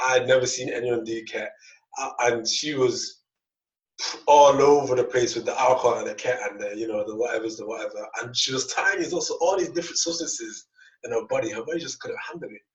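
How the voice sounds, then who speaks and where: A man's voice: mid-range voice, quick pace. A young man, a podcast co-host, telling a long casual story, rambling and repeating words as he acts out the dialogue. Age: young adult. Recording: echoey, distant, dull lo-fi mic.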